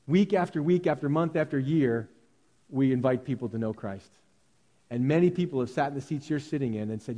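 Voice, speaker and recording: A high-pitched man preaches a sermon from a church sanctuary. His delivery swings between loud, raised cries and quiet, hushed lines. A long reverb from the big hall trails after his voice. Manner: animated, swings from shouting to hushed. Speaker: pastor.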